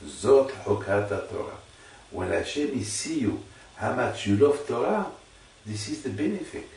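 A man giving an informal Torah teaching to a listener, halting and repeating phrases for emphasis. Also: medium pitch, expressive, vocal fry, a little mellow. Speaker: religious teacher. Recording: echoey room, distant mic.

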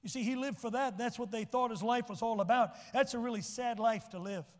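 High-voiced preacher in a reverberant sanctuary. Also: male voice, fairly quick. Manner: storytelling preacher, building to emphatic lines. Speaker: pastor. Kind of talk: sermon. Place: church sanctuary.

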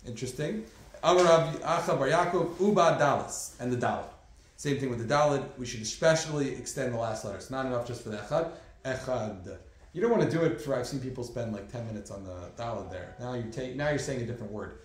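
A man's voice: mid-range voice, fast. A man giving a conversational class as a rabbi, with many fillers and asides. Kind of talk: classroom lecture. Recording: very echoey room.

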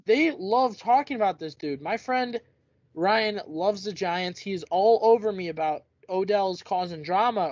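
A young man co-hosting a casual sports podcast, talking in an animated way and mimicking the people he quotes. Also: high-pitched, unhurried, no room sound. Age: young adult. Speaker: podcast co-host. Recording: dull lo-fi dry recording.

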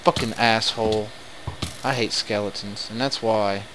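Man, live game commentary, excitable, frequent swearing, unhurried delivery, background noise. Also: fairly low pitch. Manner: excitable, swears often, frustrated outbursts. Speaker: let's play gamer.

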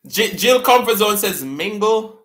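Jamaican guy on a live stream, high voice, slow easy pace, echoey room. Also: expressive, fairly bright tone. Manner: laughs often while reading out viewer comments. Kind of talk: casual live-stream chat with viewers.

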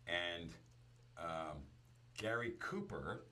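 A man chatting casually about movies, retelling scenes in an animated storytelling manner. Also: low-pitched, drawn-out words.

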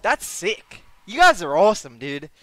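A young Australian man streaming a game, excitable and quick to exclaim and swear. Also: high voice, faint music behind. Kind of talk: live stream reaction.

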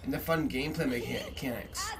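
A young man giving profane commentary over a game, swearing constantly and yelling when startled. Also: medium pitch, fast talker, music in the background. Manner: swears constantly, yells when startled, rambling asides to viewers. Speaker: gameplay streamer. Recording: distant mic with clear background noise.

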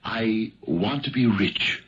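An actor playing an eager, hesitant poor Irish husband who stammers and pleads in a 1970s radio drama. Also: male voice, lowish voice, slow, fairly bright tone. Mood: pleading. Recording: dull lo-fi 1970s radio broadcast.

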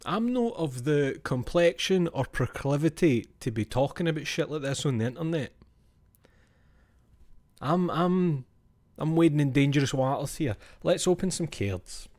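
A man's voice: a little high, darkish tone. A Scottish man chatting casually with his stream viewers, swearing and laughing, and often dropping to a whisper for asides.

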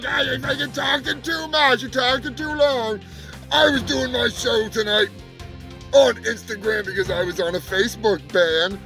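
A man voicing a brash, foul-mouthed male alien pundit who rants and shouts insults at humans in a comedy sketch. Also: very high-pitched, gravelly, full character voice. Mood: ranting. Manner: ranting, shouting, swearing, insulting. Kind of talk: comedic character rant. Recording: music playing behind.

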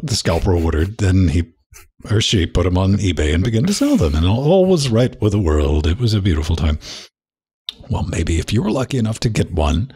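A man's voice: on the low side, warm tone, breathy edge. A man co-hosting a casual tech podcast, rambling and repeating himself, often tossing in "man". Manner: rambling, repeats words, says "man" a lot. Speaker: podcast co-host.

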